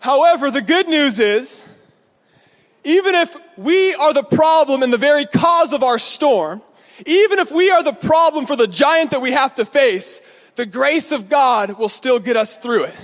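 A male pastor with a very high voice preaches with lively energy and acts out each character in his story. His voice carries a long hall reverb. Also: moderate pace. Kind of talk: sermon.

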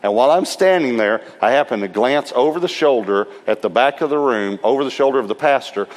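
A man's voice: mid-range voice, brisk. A man preaching to a church, telling a story with laughter and acting out the quotes. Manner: lively storyteller who acts out quotes and laughs. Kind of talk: sermon storytelling. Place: church service. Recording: long reverb of a large hall.

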